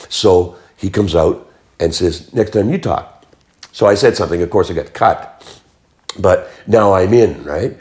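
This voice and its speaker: A man's voice: on the low side, normal speed. An older man from Canada, a musician and actor, telling stories as an interview guest and acting out the voices of people he quotes. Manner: animated storyteller, acts out quoted voices. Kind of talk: casual storytelling.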